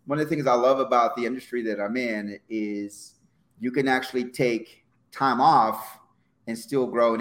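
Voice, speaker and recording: A middle-aged former football player talking on a podcast in a relaxed, reflective way. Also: male voice, on the low side. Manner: reflective, lots of fillers and restarts. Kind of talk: casual podcast conversation.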